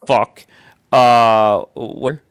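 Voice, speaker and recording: A livestream host with a mid-range voice speaks very slowly in a steady, clear, resonant tone. Yet he argues heatedly, swearing a lot and talking over his guest in a combative way.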